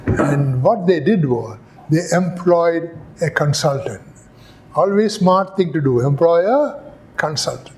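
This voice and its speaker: A man's voice: fairly high pitch, lively intonation, darkish tone. An older man from India, giving a classroom lecture as an epidemiology lecturer, telling stories and asking rhetorical questions. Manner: slow, storytelling, acts out dialogue with rhetorical questions.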